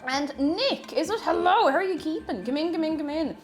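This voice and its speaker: Bubbly high-voiced woman streamer. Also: expressive, a little fast, faint music behind. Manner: chatty, greets viewers warmly, giggly. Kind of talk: live-stream baking chat.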